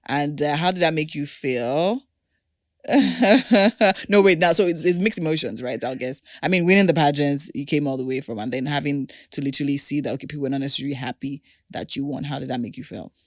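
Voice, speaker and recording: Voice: medium pitch, brisk, no echo, clean studio sound. Chatty teasing podcast host. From Nigeria. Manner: chatty, teasing, lots of backchannel. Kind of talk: casual interview.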